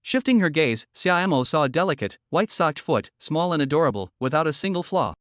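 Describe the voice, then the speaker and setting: A man reading a scripted story recap in an even, steady way. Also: fairly high pitch, fairly quick, no room sound, clean studio sound. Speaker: narrator.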